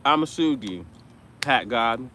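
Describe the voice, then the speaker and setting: Bright-voiced joking man on a live stream. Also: medium pitch, lively intonation, slow pace, slight background noise. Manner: joking, playful banter with the chat. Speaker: food review live-streamer. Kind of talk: casual live-stream chat.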